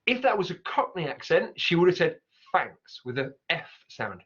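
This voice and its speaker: A man gives a cheerful online pronunciation lesson, his voice sitting a touch high. He stops to repeat example words slowly so each sound comes through. The recording is dull and lo-fi. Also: sing-song, fairly bright tone, husky. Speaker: English teacher.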